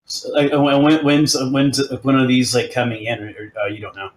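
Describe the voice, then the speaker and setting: Roomy-sounding man with halting speech. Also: medium pitch. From US South. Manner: halting, repeats words, rambling questions. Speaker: host, game developer. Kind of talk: casual chat on a livestream. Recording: roomy sound with music behind.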